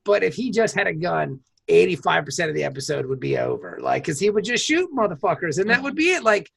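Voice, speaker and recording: Woman podcast cohost, gravelly and a bit husky, just chatting, goofy and easygoing. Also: lowish voice, sing-song, fast. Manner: playful, slips into silly put-on voices and laughs a lot. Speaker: podcast co-host. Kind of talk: casual chat.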